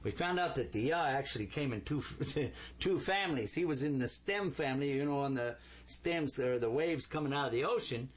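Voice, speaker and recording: A man teaching Arabic letters to a class, sounding out each letter slowly and playfully. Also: medium pitch, expressive.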